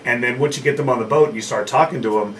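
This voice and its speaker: A man's voice: mid-range voice, rapid-fire, far from the mic, a little hiss or hum. A man chatting as a guest, telling rambling stories about his work as a gondolier. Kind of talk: casual chat.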